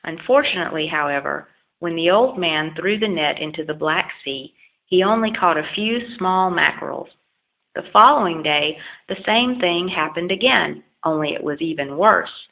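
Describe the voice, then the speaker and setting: A woman narrating a children's storybook aloud in a steady, expressive read-aloud manner. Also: low voice, moderate pace, gravelly. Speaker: audiobook narrator. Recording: lo-fi phone-like audio.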